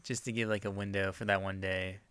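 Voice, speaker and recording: A podcast co-host in casual chat, reacting to a story with quick agreeing comments and questions. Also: low-pitched, level tone, a bit bright, clear, resonant tone, no echo. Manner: reactive, frequent agreeing interjections.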